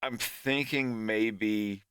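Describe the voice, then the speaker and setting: A man's voice: lowish voice, steady tone, extremely slow, fairly bright tone, slight background noise. A man from Florida with a Southern drawl, chatting casually on his stream and often restarting his sentences. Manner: rambling, restarts often, laughs easily. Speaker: animator and streamer.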